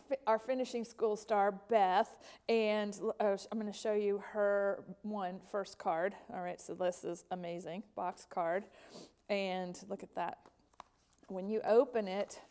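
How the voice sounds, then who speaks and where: A woman hosts a craft show and chats her way through viewers' fan mail. She sounds gushing and enthusiastic, with a voice of middling pitch for a woman. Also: darkish tone. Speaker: host of a craft company show. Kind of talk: casual chat reading out fan mail.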